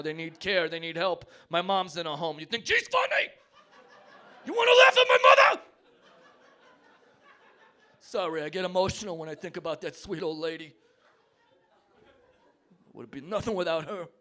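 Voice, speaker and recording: A man doing a stand-up comedy argument on a pub stage, brash and mock-tough, swinging between loud rants and mock-tearful asides. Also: high-pitched. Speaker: comedy debater. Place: pub stage before a live audience.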